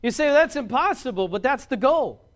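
A man preaching a sermon as a pastor, folksy and rising louder on key points. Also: extremely high pitch, expressive, moderate pace.

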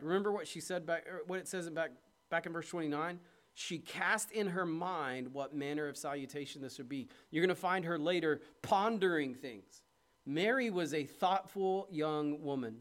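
A man's voice: a little high, moderate pace. Preaching man, conversational and emphatic. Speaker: pastor. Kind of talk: sermon.

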